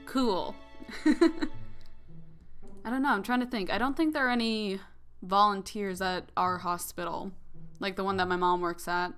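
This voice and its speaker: A woman's voice: medium pitch, fairly even intonation, a little slow, pauses often, fairly bright tone, clean tone, soft background music. Chatty young woman doing let's-play commentary. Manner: chatty, rambling, giggly asides. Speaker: gaming channel host.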